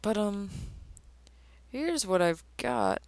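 A woman's voice: mid-range voice, huge pitch swings, takes it slowly, a little mellow, no echo. A drunk woman rambling casually as she draws, her speech slurring, often cursing and trailing off into murmurs. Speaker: artist vlogger drawing on camera. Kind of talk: rambling casual commentary while drawing.

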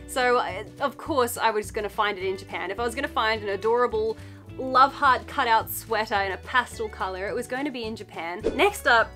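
A woman's voice: on the high side, expressive, a little fast, fairly bright tone, soft background music. A young woman with an Australian accent chatting through a clothing haul in a bubbly, gushing, playful way. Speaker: fashion vlogger. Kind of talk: casual thrift haul chat.

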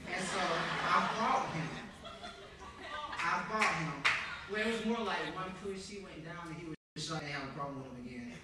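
A young man from Georgia, preaching a sermon as a ministry student, telling his story with animated energy that builds to emphatic preaching. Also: a little high, normal speed, background noise. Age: young adult. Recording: echoey hall heard from a distance.

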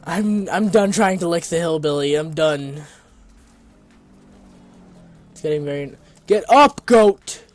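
A man doing let's play commentary, excitable and often yelling at the game. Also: fairly high pitch, unhurried, pauses often. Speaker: gaming video creator.

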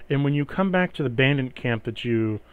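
A young man acting as game master, describing scenes and calling for dice rolls in a relaxed way. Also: medium pitch, brisk, clean tone, no room sound, narrow, tinny audio. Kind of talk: narrating a tabletop game.

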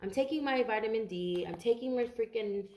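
A woman's voice: fairly high pitch, fairly quick, darkish tone, reverberant, a little hiss or hum. A tired woman doing a casual tarot reading for viewers, chatty and rambling and swearing freely. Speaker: tarot card reader.

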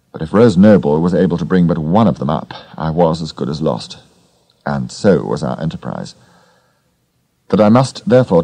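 A man narrating a story with a very deep, gravelly voice. His tone is dark and mellow, and the delivery is measured and steady. The recording is dry and close. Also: dry recording. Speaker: audiobook narrator. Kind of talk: scripted narration.

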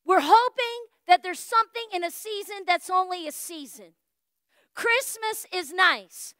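A woman pastor with a drawl tells a story from the pulpit, acting out every line of dialogue. Her voice sits very high and rings bright. The sound is close and dry, with no room echo. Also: measured pace. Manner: animated, folksy storytelling with acted-out dialogue. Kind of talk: storytelling sermon. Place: church.

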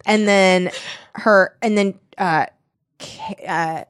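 A woman co-hosting a comedy book podcast, rambling through a story and acting out characters in a casual, animated way. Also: medium pitch, drawn-out words, no room sound, studio quality. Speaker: podcast co-host.

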